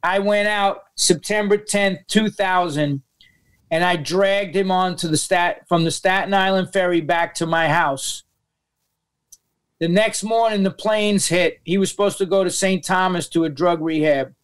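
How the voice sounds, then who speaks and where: A man's voice: sits high, measured pace, clear, resonant tone. A middle-aged man with a New York accent, telling a raw story as a podcast guest, blunt and swearing often. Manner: blunt, heavy swearing, emotional retelling. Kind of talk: casual interview storytelling.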